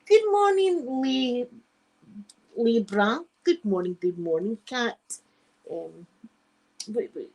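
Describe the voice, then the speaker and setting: Animated but slow, with frequent pauses and a darkish medium-pitched tone, a middle-aged Scottish woman spins a digressive yarn for her live stream. She hosts the channel, speaks frankly, and swears readily; the audio quality is poor.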